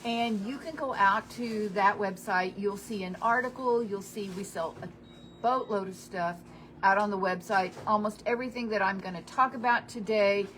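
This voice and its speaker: A woman's voice: mid-range voice, moderate pace, a bit bright, a little hiss or hum. A middle-aged woman, hosting a home-advice radio show in a chatty, practical, down-to-earth way. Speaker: hardware store radio show host.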